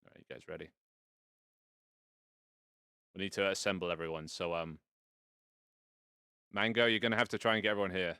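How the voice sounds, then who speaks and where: A man's voice: low-pitched, fairly even intonation, a little fast, long pauses, pushed and bright, clear, resonant tone, no echo, studio quality. A man casually hosting a live stream from inside virtual reality, rambling and playful with some casual swearing. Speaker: VR streamer hosting a fashion show. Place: indoors in a home VR setup.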